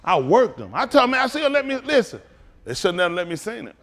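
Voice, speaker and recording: A man preaching as a pastor in a fiery talk, swinging from low mutters to loud outbursts. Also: sing-song, brisk.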